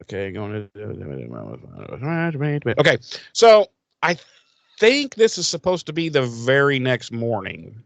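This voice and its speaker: A man co-hosting a podcast in casual chat, retelling a TV episode with animated acted-out lines. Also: on the high side, measured pace, no room sound. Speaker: podcast co-host.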